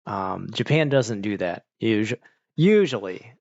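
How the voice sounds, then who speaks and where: A man's voice: lowish voice, lively intonation, measured pace, a little mellow, no room sound, muffled recording. A man streaming and chatting casually with viewers, rambling, saying "like" a lot and laughing often. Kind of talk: casual chat.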